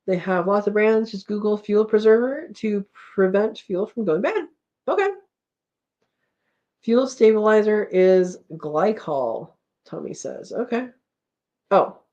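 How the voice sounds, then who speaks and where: A woman's voice: medium pitch, expressive, a little slow, warm tone, muffled recording. A woman hosting a homesteading live chat, casually reading viewer comments aloud and rambling with frequent laughs.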